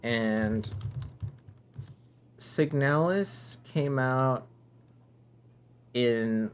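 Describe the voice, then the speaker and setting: A man's voice: medium pitch, drawn-out words, slight background noise. A man streaming a game live, musing aloud and bantering playfully with viewers.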